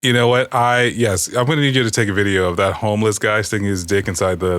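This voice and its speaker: A man's voice: lowish voice, steady tone, fast talker, hardly any pauses, fairly bright tone. A man hosting a casual podcast, joking and rambling with his co-hosts and laughing often. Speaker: podcast host.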